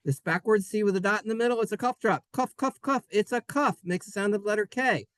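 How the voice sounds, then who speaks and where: A man's voice: high voice, brisk, fairly bright tone, dry recording. A man teaching Hebrew in a playful class, goofy and self-mocking, spelling words out letter by letter. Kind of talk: playful online class lesson.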